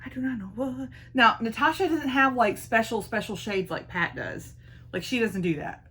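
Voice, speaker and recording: A woman's voice: on the high side, expressive, normal speed, bright, forceful tone, husky. A young woman chatting playfully through a makeup tutorial as a beauty vlogger. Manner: playful, self-teasing, talks to viewers as y'all.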